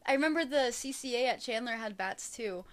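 A woman's voice: fairly high pitch, fairly quick. A woman in her thirties hosting a podcast. She talks in a chatty, giggly way and leans on "literally" and "like" a lot. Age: 30s. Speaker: podcast host telling a true crime story. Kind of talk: casual chat. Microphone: shared single mic.

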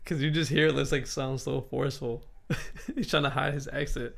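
Gravelly laid-back man in casual chat. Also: medium pitch, steady tone, a bit bright. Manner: laid-back, laughing often, drawn-out storytelling.

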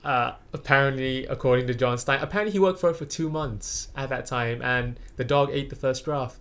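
A man's voice: mid-range voice, fairly quick, a bit bright, clear, resonant tone. A man in a casual book discussion, asking questions in an easygoing, joking way.

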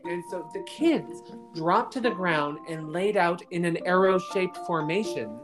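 A woman's voice: lowish voice, a little slow, over music. A woman co-hosting a podcast, chatting casually and retelling a news story, with many fillers. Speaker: podcast co-host.

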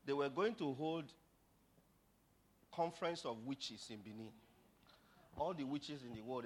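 A middle-aged man with a Nigerian accent preaching a sermon, telling stories and rising to dramatic shouts. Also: a little high.

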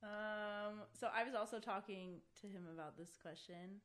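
A young woman, a podcast guest, talking casually and often pausing with "like" and "um". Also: mid-range voice, fairly bright tone. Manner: chatty, full of "like" and "um". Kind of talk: casual chat.

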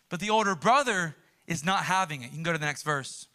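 Male pastor, sermon, high voice, bright forceful tone, casual animated delivery. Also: fast, hardly any pauses. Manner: conversational, animated preaching.

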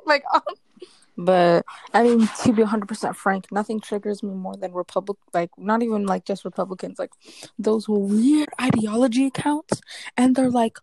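A woman's voice: medium pitch, moderate pace, darkish tone, a little hiss or hum. A woman in casual podcast chat, ranting bluntly and with exaggeration. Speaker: podcast co-host.

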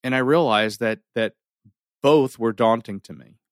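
A middle-aged man telling a personal story in an animated way, full of restarts and dramatic pauses. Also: mid-range voice, dry recording, clean studio sound.

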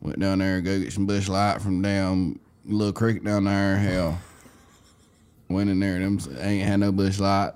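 A gruff, ranting rural redneck with a thick Southern US drawl, put on by a man. He swears in a folksy way and his voice stays smooth and clear. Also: sits low, flat delivery, measured pace, darkish tone, pitched below the performer's own voice.

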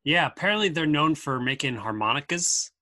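A man's voice: a little high, animated, brisk, sharp tone, no echo. A man co-hosting a podcast, chatting casually and rambling through asides. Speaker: podcast co-host. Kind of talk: casual chat.

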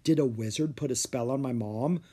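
A man reading aloud and voicing an earnest, excitable young boy who pleads urgently. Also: medium pitch, normal speed, breathy edge, natural voice. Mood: pleading.

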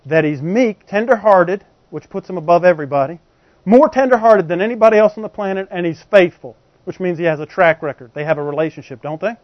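High-voiced preacher firing rhetorical questions. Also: male voice, brisk, dry recording. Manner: conversational, poses frequent rhetorical questions to the congregation. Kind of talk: sermon. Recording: dull, dry lo-fi recording.

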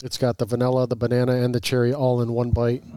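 A man co-hosting a casual podcast chat, playful and teasing, quick to laugh. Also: medium pitch, monotone, dark tone, smooth. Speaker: podcast co-host.

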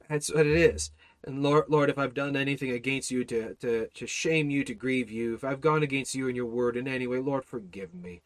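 A man's voice: mid-range voice, fairly quick, dry recording. A man teaching an informal Bible study, exhorting his listeners with rhetorical questions, repeated phrases and frequent restarts. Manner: many restarts and repeated words.

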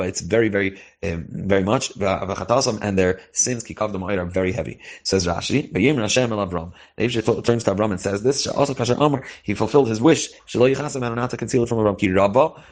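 Fast-talking man teaching a text, flavored. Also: fairly low pitch. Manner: reads a phrase then translates and explains it, with frequent restarts. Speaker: Torah teacher. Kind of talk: line-by-line text study, mixing Hebrew and English.

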